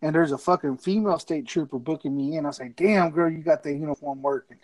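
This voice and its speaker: A man's voice: on the high side, fast, a little mellow, poor audio. A man telling a rowdy, profanity-laced story in casual chat.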